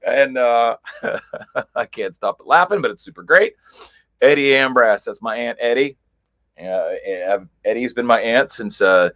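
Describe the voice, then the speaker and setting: A man's voice: medium pitch, a bit bright. A man hosting a casual livestream, chatting and greeting viewers one by one in a rambling way with lots of fillers. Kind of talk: casual live chat. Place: chilly basement at home.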